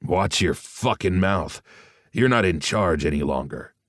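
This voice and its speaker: Guy doing a growling burly thug, deep and sneery, dry close sound. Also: lively intonation, unhurried, a bit bright, dry recording, full character voice. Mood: menacing.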